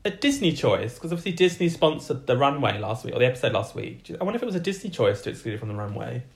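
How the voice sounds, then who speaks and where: A man co-hosting a podcast in casual chat, playful and quick with his remarks. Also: medium pitch, sing-song, vocal fry. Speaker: podcast co-host.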